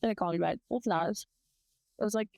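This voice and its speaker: A woman's voice: mid-range voice, brisk, vocal fry, darkish tone, no echo. A young American woman co-hosting a casual chat, telling rambling, profane stories full of quoted voices. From United States. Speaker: podcast co-host.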